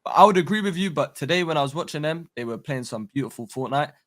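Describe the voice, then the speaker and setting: A man on a podcast debating casually, animated and argumentative, with a lot of slang. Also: on the high side, quick pace. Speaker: podcast guest.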